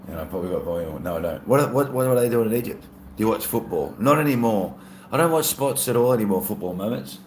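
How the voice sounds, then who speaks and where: A man's voice: on the low side, quick pace, roomy sound, a little hiss or hum. A man with an Australian accent, chatting casually on a live stream and reading out viewer comments. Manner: relaxed, chatty, laughs often.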